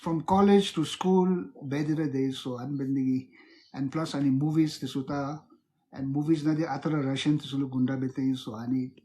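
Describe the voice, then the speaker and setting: A man's voice: mid-range voice, steady tone, moderate pace, warm tone. Hesitant man chatting casually. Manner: hesitant, many fillers and throat clearing. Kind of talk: casual chat.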